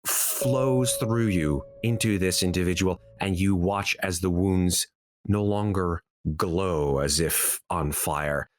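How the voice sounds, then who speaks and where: A man narrating as dungeon master in a measured, descriptive way. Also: low voice. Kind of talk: narrating a tabletop game.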